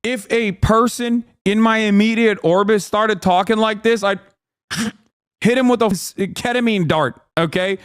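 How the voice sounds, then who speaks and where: A man in his thirties ranting on a livestream in a high, lively voice. He talks in a profane, mocking way and sometimes bursts into loud shouting impressions. The sound is close and dry, with no room around it. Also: a little slow, clear, resonant tone, no echo. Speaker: streamer. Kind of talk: casual livestream rant.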